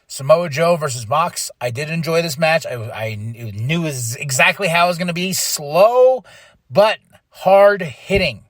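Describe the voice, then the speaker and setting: A man hosting a podcast, recapping wrestling in casual talk and acting out quoted lines in quick mock voices. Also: a little high, expressive, dry recording, studio quality. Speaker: podcast host.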